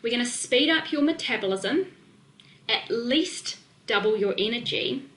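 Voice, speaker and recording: Woman, New Zealand accent, webinar presenter; quick and technical, slightly high-pitched, echoey room. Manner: fast, excitable, technical talk with fillers. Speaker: nutrition coach presenting a webinar.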